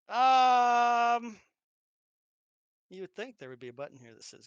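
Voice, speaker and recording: A man's voice: very high-pitched, big pitch swings, very slow, long pauses, clean tone, no room sound, muffled recording. A man running a tabletop game, chatting casually and muttering to himself while fiddling with settings. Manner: muttering to himself, jokey and distracted. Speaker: game master.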